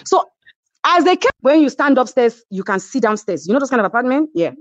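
A woman with a Nigerian English accent tells her story with emphasis, her pitch leaping up and down and sitting a little high. The recording is dull and dry, with no room around her. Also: very animated, fairly quick, no echo. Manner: emphatic, acts out others' quoted lines. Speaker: reality show cast member, guest. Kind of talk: animated storytelling.

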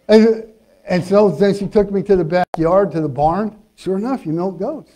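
A male pastor preaching a sermon in a church, telling folksy, humorous stories and getting louder when he exhorts. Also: high-pitched, normal speed. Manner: storytelling, folksy with humorous asides. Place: church sanctuary.

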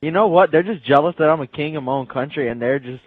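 A man's voice: a little high, quick pace, breathy edge, no echo, faint music behind. A young man chatting as a friend in a gaming session, joking and laughing often, heard over a tinny party-chat line. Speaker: co-player friend. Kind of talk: casual chat while playing a game.

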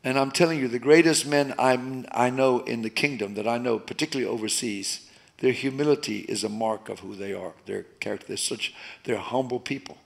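A man preaching from the pulpit in a mid-range voice. He climbs into loud, emphatic bursts, then sinks to a hushed, intimate tone. Animated, expressive preaching. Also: mid-range voice, a little fast, vocal fry. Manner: animated preaching, rising loud and dropping to soft. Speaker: pastor. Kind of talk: sermon.

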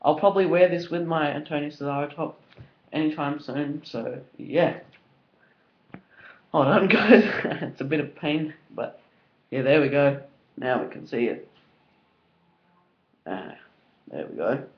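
A man's voice: a little high, lively intonation, measured pace, pauses often. A young Australian man with an Australian accent, chatting casually and enthusiastically through an unboxing video, rambling with lots of fillers. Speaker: vlogger. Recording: dull lo-fi home recording.

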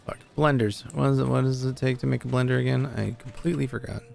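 Young male streamer, gravelly, chatty and foul-mouthed while he plays. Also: medium pitch, steady tone, fast talker, darkish tone, faint music behind. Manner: chatty, profane, talks to chat. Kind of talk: casual live gameplay commentary.

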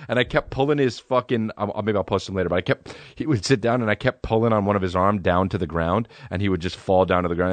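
A man's voice: lowish voice, steady tone, quick pace, no echo. A young adult man hosting a podcast, telling rambling comedic stories in a laid-back, profane way. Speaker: podcast host. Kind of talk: comedic storytelling monologue.

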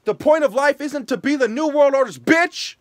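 A man delivering an angry, profane ranting monologue as a vlogger, hectoring his listeners and rising to shouting. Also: extremely high pitch, moderate pace, dry recording, studio quality.

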